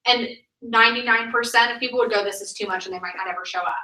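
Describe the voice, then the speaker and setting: A woman's voice: on the high side, fairly even intonation, quick pace, sharp tone. A woman in her thirties, a sales director, giving an emphatic, chatty training talk full of "like.". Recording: echoey room, mic at a distance.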